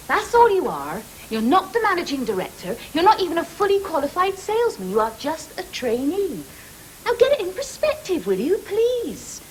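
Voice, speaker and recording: A sharp-tongued young wife, english accent, very high lively voice, hissy old tape. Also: female voice, rough recording. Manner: dry, teasing put-downs. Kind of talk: 1980s studio sitcom acting.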